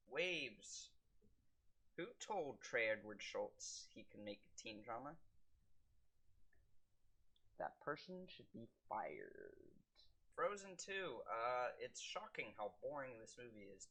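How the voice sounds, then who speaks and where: A young man reviewing films in a casual monologue, with quick wry asides and deadpan jokes. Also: medium pitch. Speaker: film vlogger.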